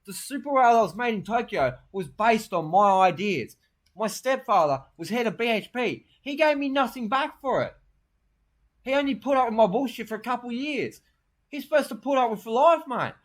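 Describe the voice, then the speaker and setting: A man's voice: very high-pitched, lively intonation. Brash rambling man. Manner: brash, crude, rambling, fast-talking boasts. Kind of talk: rambling comic monologue.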